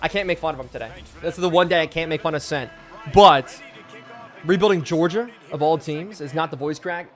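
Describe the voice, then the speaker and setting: Hoarse hyped young man streaming. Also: a little high, fast, hardly any pauses, soft background music. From Pennsylvania. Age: 20s. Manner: hyped, chatty, shouting out viewers. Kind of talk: live game-stream commentary.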